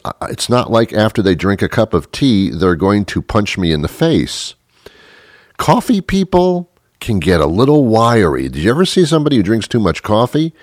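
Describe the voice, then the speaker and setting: Deep-voiced man doing stand-up. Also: a little mellow, no room sound, studio quality. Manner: acts out characters in quick voices, rambling asides. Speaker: comedian. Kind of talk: stand-up comedy monologue.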